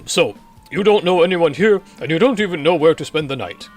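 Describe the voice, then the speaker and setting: A fussy, genteel scholar of a professor, as a man puts him on, fretting in courtly, old-fashioned phrases with a lively, swooping voice. The voice sits a little high, with faint game music underneath. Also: brisk. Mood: courteous.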